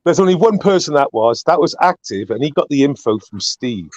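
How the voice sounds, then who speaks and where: A man from Wales hosts a rowdy livestream call, blunt and sarcastic, tripping over his words when provoked. His voice sits slightly high. The sound is close and dry with no room. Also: sing-song, a little fast, darkish tone, dry recording, highs cut off. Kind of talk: heated casual argument.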